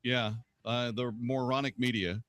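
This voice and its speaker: A man hosts a talk radio show from the studio, sounding blunt and cutting with a sarcastic edge. His middle-pitched voice is steady, unhurried and fairly bright, picked up close and dry on a studio microphone with no echo or room around it.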